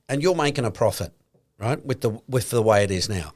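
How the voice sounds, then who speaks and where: A man's voice: mid-range voice, sing-song, fast talker. Australian man explaining finance casually. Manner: explains points through acted-out hypothetical conversations. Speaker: podcast co-host. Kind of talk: casual chat.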